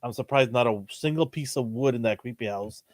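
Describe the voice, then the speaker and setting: Relaxed man, dry close sound. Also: medium pitch, a little fast, dry recording. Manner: laid-back, chuckling, slangy. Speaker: podcast co-host. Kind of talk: casual chat.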